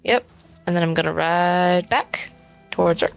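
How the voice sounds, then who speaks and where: A woman playing in a tabletop game, thinking aloud in a hesitant, unhurried way. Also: fairly low pitch, gravelly, soft background music. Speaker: player. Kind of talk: casual tabletop play.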